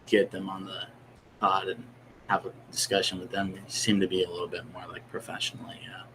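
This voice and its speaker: A man's voice: low-pitched, completely flat delivery, brisk, a bit bright, slight background noise, poor audio. A man co-hosting a podcast, chatting casually and rambling with lots of fillers. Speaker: podcast co-host. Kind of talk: casual chat.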